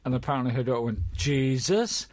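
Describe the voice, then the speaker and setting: A man's voice: on the high side, normal speed, no echo. A man hosting a podcast, chatting casually and telling teasing stories. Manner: teasing, lively storyteller. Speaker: podcast host. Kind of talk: casual comedy chat.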